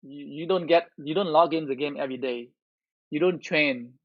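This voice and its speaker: A man's voice: a little high, normal speed, no echo. A man streaming live and chatting casually, ranting in an aggrieved way and restarting his sentences often. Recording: dull lo-fi audio.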